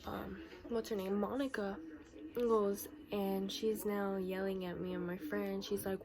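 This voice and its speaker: Teenage girl telling an animated story. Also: mid-range voice, unhurried, a crowd in the background, low-quality recording. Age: teens. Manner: animated retelling, acts out quoted dialogue. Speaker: vlogger. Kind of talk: storytime vlog.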